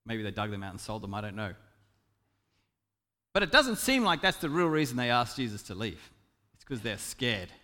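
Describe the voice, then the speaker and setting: A man preaching a sermon as a pastor, swinging from loud emphatic lines to soft, intimate ones. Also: mid-range voice, sing-song, moderate pace, long pauses, in a large hall.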